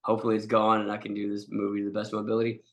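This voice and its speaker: A man's voice: on the low side, monotone, racing, fairly bright tone. A man with a cold, a guest actor telling a story in casual chat, laughing often and acting out the quotes. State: has a cold.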